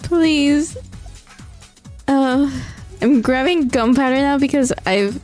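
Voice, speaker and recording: A woman's voice: high voice, slow pace, a little mellow, faint music behind. Weary, pleading young woman gamer. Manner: pleading, exasperated, laughs often. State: tired late at night. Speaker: gaming vlogger. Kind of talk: casual gameplay commentary.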